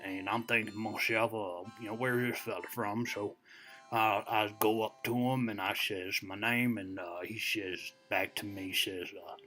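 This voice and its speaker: A man's voice: fairly low pitch, steady tone, moderate pace, sharp tone, soft background music. A man playing a rambling boastful ancient old-timer. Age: over 60. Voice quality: folksy drawl full of "you know" fillers. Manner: rambling and digressive. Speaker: storyteller. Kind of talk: comedic character monologue.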